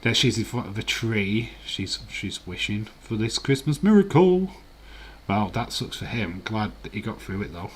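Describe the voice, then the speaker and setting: Male streamer in his forties, lowish voice, easygoing rambling chat. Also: animated, normal speed, husky. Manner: laid-back, rambling commentary with filler words. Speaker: streamer hosting a live watch-along. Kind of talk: casual live-stream chat, reading viewer comments.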